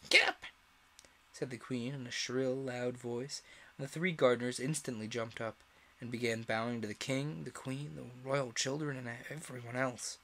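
A man reading a classic children's story aloud in an expressive way, with the odd slip. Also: mid-range voice, moderate pace, slight background noise. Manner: expressive, animated read-aloud with small slips. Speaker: storyteller, streamer.

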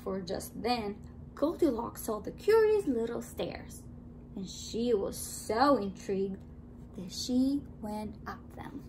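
A woman teacher reading a children's story aloud, expressive and drawn out, dropping into hushed asides. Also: fairly high pitch, takes it slowly, background noise. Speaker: preschool teacher.

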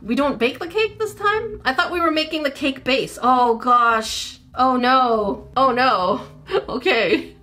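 A woman's voice: high voice, takes it slowly, bright, forceful tone, faint music behind. A woman YouTuber playing a mobile baking game with playful jokes and panicky exclamations. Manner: playful, jokey. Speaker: gaming YouTuber.

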